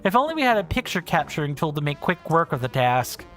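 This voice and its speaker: A man's voice: on the high side, big pitch swings, quick pace, fairly bright tone, soft background music. A man reading as a formal, polite game researcher.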